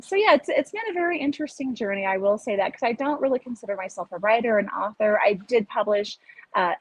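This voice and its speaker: A woman in her fifties, talking in an animated, upbeat way as a guest on a video call. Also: fairly high pitch, slightly rough, no echo, rough recording. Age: 50s. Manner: animated, upbeat, laughs often. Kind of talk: casual interview talk.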